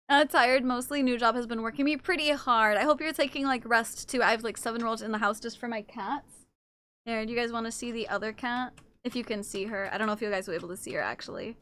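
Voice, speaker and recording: A woman's voice: a little high, a little fast, fairly bright tone. A woman streamer chatting casually on a live stream, cooing baby talk to her cats between comments.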